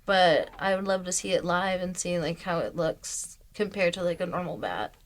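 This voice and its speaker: A woman's voice: on the low side, normal speed. A young woman guest on a comedy podcast, giving blunt, casual opinions and swearing in passing.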